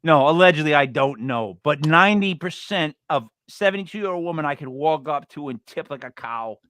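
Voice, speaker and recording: A man's voice: on the high side, expressive, a little fast, a bit bright, no room sound, clean studio sound. A man in his forties co-hosting a casual true-crime podcast, blunt and joking, rambling off topic. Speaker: podcast co-host.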